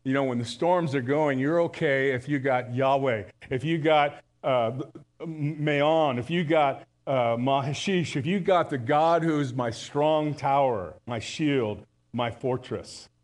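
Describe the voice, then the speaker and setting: A man's voice: medium pitch, measured pace. A male pastor giving a live church sermon in a conversational way, telling jokes and often restarting his sentences. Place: church service.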